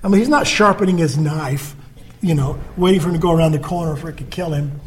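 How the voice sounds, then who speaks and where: A man's voice: fairly high pitch, fast, a little hiss or hum. A man preaching a sermon in a conversational way, reading scripture and acting out the people in the story. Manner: conversational preaching, acts out quoted dialogue. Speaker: pastor.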